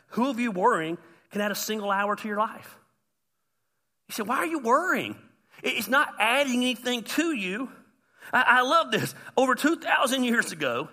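A man preaching with a high, very bright, sharp voice. He is animated, jumping between loud shouts and quiet, gentle asides. His words ring with the long reverb of a big hall. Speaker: pastor. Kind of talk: sermon.

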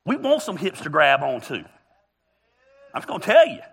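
A man's voice: on the high side, wildly swooping pitch, normal speed, gravelly, fairly bright tone, husky. A man preaching a humorous, storytelling sermon as a pastor, joking and teasing his congregation. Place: church auditorium.

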